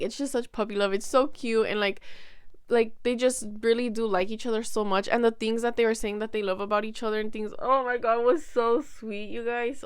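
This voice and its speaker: A woman's voice: mid-range voice, clean tone, dry recording, studio quality. Rambling young woman telling a storytime. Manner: rambling, lots of "like" and restarts, emotional. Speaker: vlogger. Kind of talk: casual storytime chat.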